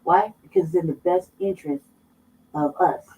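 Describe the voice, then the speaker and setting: A woman's voice: lowish voice, huge pitch swings, moderate pace, vocal fry, mellow, slight background noise. A woman from Colorado co-hosting a casual political talk show, blunt and emphatic, swearing heavily as she makes her points. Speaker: co-host. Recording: dull, somewhat distant mic.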